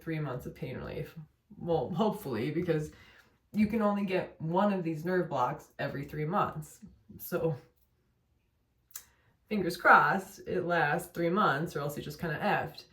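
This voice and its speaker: Worn-down young woman rambling in a roomy echo. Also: low-pitched. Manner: rambling, filler-heavy, self-correcting. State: in pain, worn down. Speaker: vlogger. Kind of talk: late-night venting vlog. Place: home at night.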